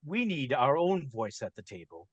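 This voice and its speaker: A man voicing a calm, formal nobleman who speaks slowly and humbly before the crown. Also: mid-range voice, slightly rough, no room sound, dull audio. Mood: formal, measured. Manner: slow, measured, humble courtly speech.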